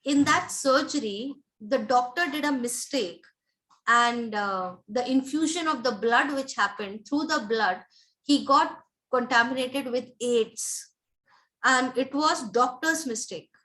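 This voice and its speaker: A woman's voice: sits high, slow pace, a bit bright, rough recording. A woman leading a live motivational training session as a life coach, emphatic, repeating her key points and checking in with her listeners.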